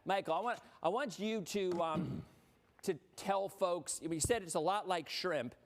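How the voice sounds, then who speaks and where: A man's voice: high-pitched, a little slow. A middle-aged man hosting a live-streamed weather show, chatting casually and laughing between lines.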